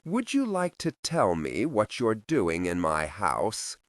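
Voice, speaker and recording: A deep, unhurried male vampire from a spoken story, as a man reads him. He sounds cool and quietly amused, and his tone rises and falls widely. The recording is dry and close. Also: dry recording, heavily acted. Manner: calm, measured, faintly amused. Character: ancient, still male vampire, cool and wry.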